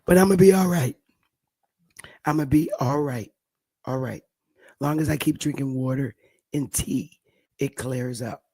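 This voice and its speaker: Hoarse, gravelly woman talking softly. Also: very deep voice, unhurried, long pauses, dry recording. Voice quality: gravelly, husky. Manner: talks softly, greets viewers by name. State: hoarse, voice still recovering. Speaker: livestream host. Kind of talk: casual livestream chat.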